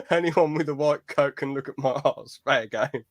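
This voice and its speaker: A man's voice: on the high side, measured pace. A young man hosting a podcast in casual chat, laughing often and joking crudely. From United Kingdom. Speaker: podcast host.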